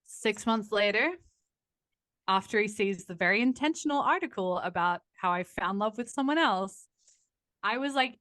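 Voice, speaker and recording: A woman's voice: mid-range voice, normal speed, dry recording. A young woman, telling a candid story as a podcast guest, swearing freely and acting out the people she quotes. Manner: profane, animated storytelling with quoted voices. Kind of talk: candid casual chat.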